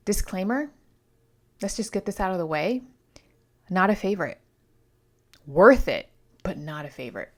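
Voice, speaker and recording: A woman's voice: medium pitch, expressive, moderate pace, pauses often. A woman giving a casual, chatty book review on her vlog, rambling with playful asides while congested from allergies.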